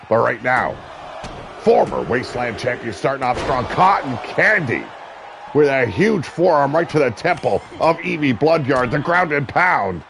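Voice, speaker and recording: A gravelly male wrestling commentator who calls every move with brash, profane excitement and bursts into shouts when the action peaks. His voice carries a rough, crackly edge, and a steady hiss of noise sits under the home recording. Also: mid-range voice. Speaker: play-by-play commentator.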